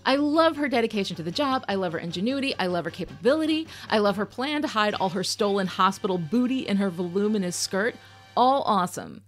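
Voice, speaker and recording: A woman's voice: mid-range voice, lively intonation, a little fast, faint music behind. A woman hosting a podcast, giving candid, sarcastic commentary on a TV episode, swearing casually. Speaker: podcast host.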